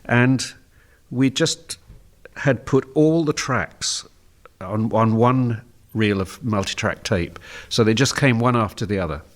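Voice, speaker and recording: An older man from England, a guest on a radio show, telling a relaxed story and laughing often as he goes. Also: medium pitch, takes it slowly. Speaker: guest musician. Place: radio studio.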